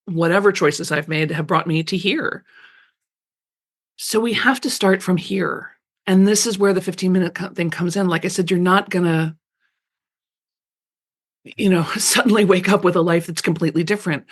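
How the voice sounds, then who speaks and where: A middle-aged woman guest on a radio interview, chatting casually and animatedly, often laughing and acting out little quoted voices. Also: on the low side. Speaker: author guest.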